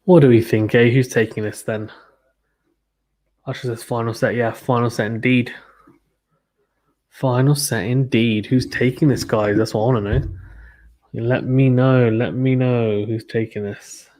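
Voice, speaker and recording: A young man from Britain talks casually over a live tennis stream, reading out viewer comments in a chatty way. His voice sits in an ordinary middle pitch. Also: fairly even intonation, measured pace, pauses often, a little mellow.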